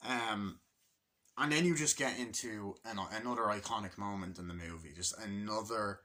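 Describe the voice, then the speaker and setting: A man's voice: lowish voice, moderate pace, heavy background noise. A man casually reviewing a film, retelling scenes with profane enthusiasm. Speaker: movie reviewer. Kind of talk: casual movie review vlog.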